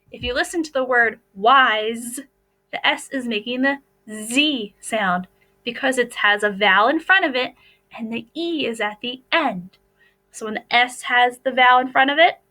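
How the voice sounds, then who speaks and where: Female teacher, American accent, unhurried and patient, clear bright tone. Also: sits high, rough recording. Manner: slow, patient, step-by-step explaining. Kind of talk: phonics lesson over slides.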